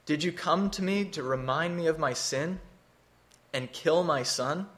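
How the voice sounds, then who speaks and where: A man's voice: fairly high pitch, a little slow, a bit bright, pitched above the performer's own voice. A man voicing a grieving, bitter widowed mother in a sermon retelling, his delivery pleading and accusing.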